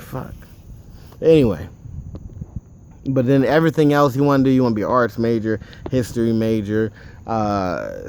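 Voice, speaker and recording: A man's voice: mid-range voice, a little mellow, slight background noise. Rambling man telling a casual story. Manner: rambling and digressive, with frequent asides; offhand, with occasional swearing.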